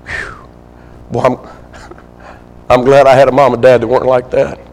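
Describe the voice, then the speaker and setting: A man preaching a sermon, swinging between loud pleading and hushed, intimate asides. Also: medium pitch, fairly even intonation, moderate pace, pauses often, in a large hall, rough recording. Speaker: pastor. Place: church sanctuary.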